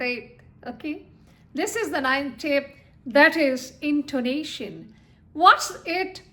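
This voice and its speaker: A woman gives a spoken lesson to her channel's viewers. Her voice sits high and she speaks slowly, checking in often with "okay?" and "you know". Her manner is that of a patient teacher. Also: sharp tone. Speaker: English teacher.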